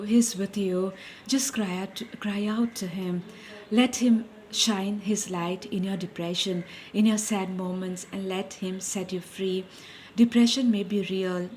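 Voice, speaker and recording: Earnest woman with a mellow voice. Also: medium pitch, slight background noise. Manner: earnest, repetitive, addresses listeners as dear friends; self-correcting, searching for words. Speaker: Christian speaker. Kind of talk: informal devotional message.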